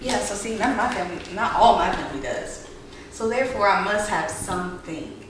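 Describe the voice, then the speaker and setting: A woman's voice: medium pitch, fairly quick, distant mic. A woman from the American South co-hosting a podcast, chatting casually and laughing as she tells stories. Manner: laughing, animated storytelling. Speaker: podcast co-host. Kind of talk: casual chat. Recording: echoey room, off-mic, noisy.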